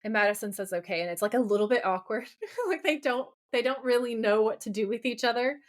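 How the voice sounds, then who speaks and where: A woman's voice: fairly high pitch, fast. Woman animatedly retelling a TV episode. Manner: animated retelling, quoting the characters' lines. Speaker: podcast co-host. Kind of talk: casual episode recap chat.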